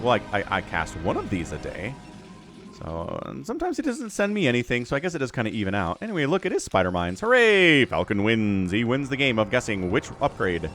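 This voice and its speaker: Animated, chatty male game caster. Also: medium pitch. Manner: chatty, rambling, excitable. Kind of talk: casual esports commentary.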